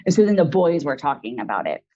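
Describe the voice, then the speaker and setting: A woman's voice: sits low, very animated, quick pace, highs cut off. A woman in her forties, an interview guest, telling a personal story in a rambling, frank way full of fillers.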